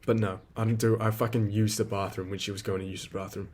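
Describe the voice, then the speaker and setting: A man's voice: fairly low pitch, little pitch movement, fast, a little mellow, a little hiss or hum. A young man, rambling and swearing freely in a casual solo podcast monologue. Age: 20s. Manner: profane, rambling, venting. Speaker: podcast host.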